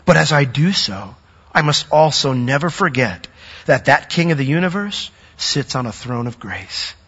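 A man preaching a sermon, earnest, growing louder and higher when he acts out a worshipper's doubts. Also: animated, normal speed, husky. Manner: earnest, rising in pitch and force when acting out a doubting worshipper's words. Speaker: pastor. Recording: dull sound with long hall reverb.

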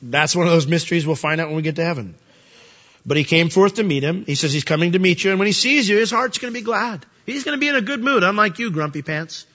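This pastor's voice sits high, pushed and bright, and he's animated and fast as he gives a conversational sermon laced with jokes and rhetorical questions. The hall is reverberant and the recording dull and lo-fi.

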